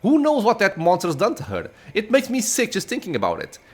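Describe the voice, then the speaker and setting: A grieving cleric speaks earnestly, tired but resolved, read out by a man from a game. The voice sits a little high and moves a lot in pitch. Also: wildly swooping pitch, fairly quick, breathy edge, full character voice. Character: weary grieving male cleric crusader. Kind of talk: reading game dialogue aloud.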